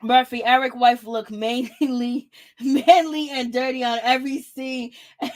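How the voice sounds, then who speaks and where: High-voiced woman dishing casual gossip. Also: a little slow. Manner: animated, laughing, blunt and profane. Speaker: commentator on a reality show. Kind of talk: casual reaction commentary.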